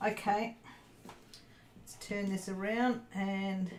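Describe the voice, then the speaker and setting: During a crafting livestream, a woman chats casually with viewers and mutters to herself as she works. Her mid-range voice is slow, flat, and a little mellow. The room is echoey, with faint background noise.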